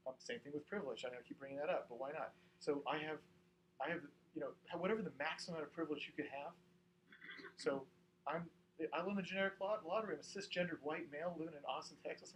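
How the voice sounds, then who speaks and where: A man's voice: fairly high pitch, rapid-fire, poor audio. A man, an entrepreneur, giving a frank, rambling lunch talk to an audience, peppered with "right?" and "you know". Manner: frank, occasional swearing.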